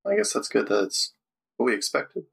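A man's voice: mid-range voice, big pitch swings, moderate pace, gravelly, fairly bright tone, breathy edge. A man playing a tabletop role-playing game, talking casually and swearing freely. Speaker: player.

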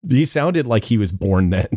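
A man's voice: on the low side, expressive, a little slow, mellow, no echo, clean studio sound. A man co-hosting a podcast in casual chat, sardonic with laughing asides. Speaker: podcast co-host.

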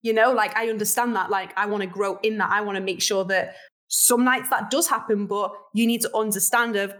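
A young woman hosting a podcast in casual chat, animated, laughing often and drawing out words for emphasis. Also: medium pitch, fairly quick. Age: young adult. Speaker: podcast host.

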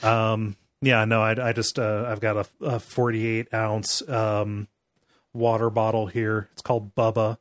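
A man's voice: fairly low pitch, level tone, unhurried, dry recording. Rambling man hosting a casual chat. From American Midwest. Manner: rambling, many restarts. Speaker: podcast host.

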